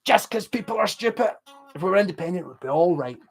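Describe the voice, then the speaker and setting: A Scottish man rambles through a late-night livestream after a few drinks, swearing freely and ranting to the people watching. His voice sits a little higher than most men's. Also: lively intonation, fast talker, gravelly, soft background music. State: drunk. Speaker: livestream host.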